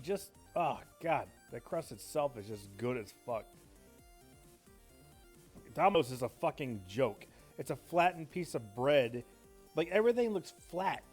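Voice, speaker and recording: A man chatting casually while streaming a game, rambling and swearing, with faint game music behind him. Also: mid-range voice. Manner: rambling, profane, excitable. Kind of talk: casual chat while gaming.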